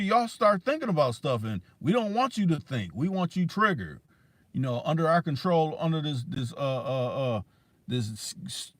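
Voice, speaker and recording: A man's voice: on the high side, fairly bright tone, no room sound. A man hosting a livestream, ranting in a heated, profane way with many restarts and fillers. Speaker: livestream host. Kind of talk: casual rant on a livestream.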